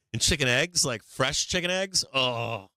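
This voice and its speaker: Crisp, forceful low-voiced male streamer. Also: animated, slow, no echo. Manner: rambling and profane, answers chat. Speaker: livestream host. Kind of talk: casual livestream chat.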